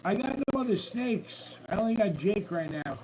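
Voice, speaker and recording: In a room at home where a water tank runs faintly, a man hosts a laid-back live stream. His high, expressive voice moves at a moderate pace as he greets viewers by name, cheerful and chatty, with background noise in the mix.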